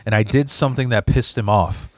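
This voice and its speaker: A man's voice: medium pitch, brisk, a little mellow, no room sound. A man from Chicago hosting a podcast, telling stories in a rambling, heavily profane way full of restarts. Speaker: podcast host. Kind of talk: casual storytelling chat.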